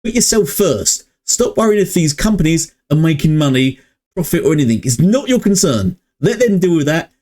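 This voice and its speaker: A man's voice: fairly high pitch, sing-song, moderate pace, a little mellow. A man running a casual gaming opinion vlog, rambling and hesitant with lots of fillers, recorded on a budget mic at home. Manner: rambling and hesitant, many fillers, chuckles between points. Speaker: gaming channel vlogger.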